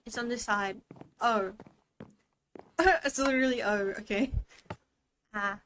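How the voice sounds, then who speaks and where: A high-pitched woman chats through a casual streamed language lesson, playful and prone to giggles. She takes her time over each word. A faint hiss sits under the voice. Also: takes it slowly, long pauses, a bit bright. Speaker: VTuber language teacher.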